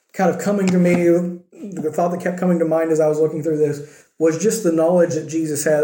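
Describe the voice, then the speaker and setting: Guy preaching a chatty sermon, kinda high voice, echoey church room. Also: mellow, a little hiss or hum. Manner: conversational preaching, acting out quoted lines. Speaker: pastor.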